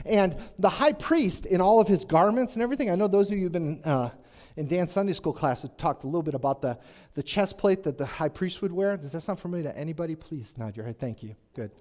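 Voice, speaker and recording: Man, preacher, conversational sermon, jokey asides, questions to the listeners, lively pitch. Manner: chatty, asks the congregation questions, jokes in asides.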